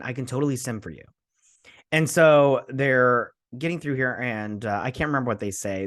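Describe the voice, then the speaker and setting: A man's voice: medium pitch, a bit bright. A man hosting a casual show review, rambling through the plot and acting out characters in jokey put-on voices. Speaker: host. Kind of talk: casual episode recap and review.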